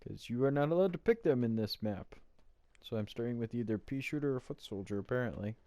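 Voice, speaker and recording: A young man giving casual, monotone commentary over his own gameplay. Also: mid-range voice, quick pace, no room sound. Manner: monotone, offhand. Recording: clear background noise.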